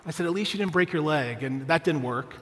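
A man's voice: fairly high pitch, expressive, fairly quick, fairly bright tone, big-room sound, a little hiss or hum. A male pastor preaching a sermon, telling a family story with humor and often asking the congregation "right?".

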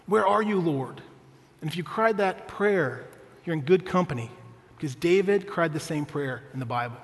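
A man's voice: fairly high pitch, lively intonation, normal speed, long reverb tail. A male pastor preaching a sermon, telling a family story with humor and often asking the congregation "right?".

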